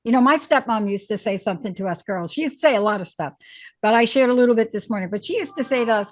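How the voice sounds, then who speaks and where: A woman hosting a talk show, telling stories in a lively, folksy way. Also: on the high side, fast, dry recording. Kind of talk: conversational interview hosting.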